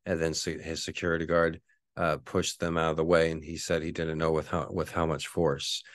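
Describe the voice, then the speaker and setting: A man in his forties talks through a loose podcast monologue in a very low voice. He rambles and swears, leaning on fillers and correcting himself as he goes. The sound is dry and close, with no room around it. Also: monotone, moderate pace, no room sound. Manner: rambling, profane, frequent fillers and self-corrections. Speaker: podcast host. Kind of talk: casual monologue.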